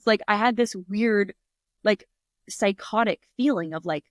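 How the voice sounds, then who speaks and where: A woman's voice: mid-range voice, normal speed, no room sound, clean studio sound. A woman guest on an interview show telling a personal story candidly, swearing freely and acting out her own reactions. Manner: animated retelling with many fillers. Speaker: podcast guest, author.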